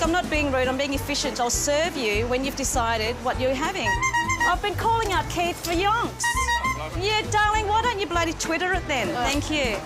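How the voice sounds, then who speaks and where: High-voiced bossy shop lady, blunt and cheeky, background music. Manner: blunt, brash, teasing. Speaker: food shop owner. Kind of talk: unscripted banter on a TV show.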